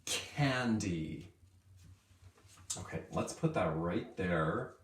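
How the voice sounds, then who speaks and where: A male kindergarten teacher giving a lesson to young children in an upbeat way, stretching words out slowly so they can follow. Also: lowish voice, big pitch swings, reverberant.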